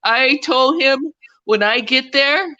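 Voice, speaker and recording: Female call-in guest; slow, bright higher voice, often laughing, dull lo-fi call audio. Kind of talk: casual livestream chat.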